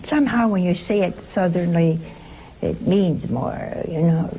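Slow, gravelly woman teaching scripture. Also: lowish voice, a little hiss or hum. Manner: conversational, asks the audience rhetorical questions; expressive, playful asides. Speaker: Bible study teacher. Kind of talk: lively Bible teaching to a group.

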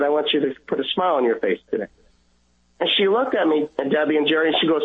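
A man calling in by phone, earnestly telling a personal faith story with halting restarts and acted-out dialogue. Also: on the high side, lively intonation. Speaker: guest caller. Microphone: phone line. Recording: tinny phone line.

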